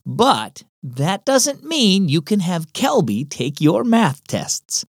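A calm storybook mom, voiced by a male narrator. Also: high voice, slow pace, breathy edge, no room sound, studio quality, voice pushed up, exaggerated voice. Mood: gentle. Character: gentle mother of twin boys. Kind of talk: storybook reading.

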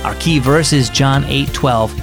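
A man's voice: medium pitch, unhurried, creaky, over music. A man hosting a children's devotional, reading a story in scripted narration, earnest and friendly toward kids.

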